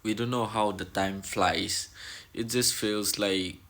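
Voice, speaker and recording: A man's voice: fairly low pitch, steady tone, slow pace, fairly bright tone. A young man vlogging from his room in an earnest, reflective way, often repeating himself and searching for words. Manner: earnest, repeats phrases, loose and searching wording. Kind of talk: casual reflective vlog talk.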